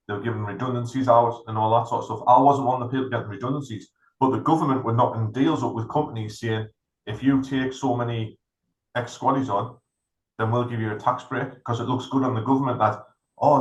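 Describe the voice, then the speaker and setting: A middle-aged man tells a long anecdote as co-host of a podcast, acting out the people in it. His voice sits at an ordinary male pitch. The room around him adds a roomy echo. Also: highs cut off. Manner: animated anecdote-telling, acts out other people's lines. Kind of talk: casual storytelling.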